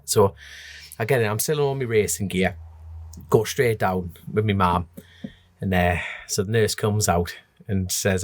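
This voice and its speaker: A man's voice: lowish voice, moderate pace, no room sound. Chatty North East English man. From North East England. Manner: animated storytelling, laughs often. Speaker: podcast guest, road racer. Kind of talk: casual chat.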